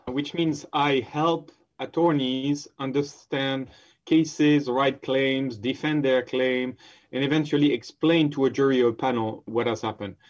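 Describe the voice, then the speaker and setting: A man speaks as a podcast guest, laying out his work as an expert witness. He talks in a measured, precise way at a middle pitch. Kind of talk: casual interview.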